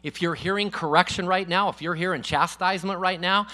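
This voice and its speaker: A man preaching a sermon to a church congregation in a casual, emphatic way, calling out for amens and swinging from loud declarations to quiet asides. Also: high-pitched, steady tone, brisk. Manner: calls for congregation responses. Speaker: guest preacher.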